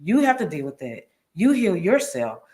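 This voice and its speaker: A woman's voice: fairly low pitch, big pitch swings, normal speed, a little mellow. A woman guest telling a personal story in an interview, earnest and emphatic, repeating phrases for weight.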